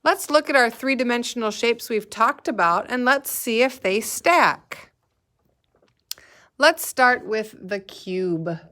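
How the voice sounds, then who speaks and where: A woman's voice: fairly high pitch, lively intonation, fairly bright tone. A woman teaching a kindergarten math lesson, speaking patiently and asking the children to repeat words after her. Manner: slow, patient, sing-song prompting for children to repeat. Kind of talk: recorded remote lesson.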